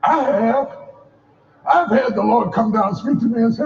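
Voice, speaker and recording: High-voiced preacher man in a roomy space. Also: a little slow, creaky. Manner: rousing call-and-response, rhythmic repetition; shouting at peaks. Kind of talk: sermon. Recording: roomy, slightly dull recording.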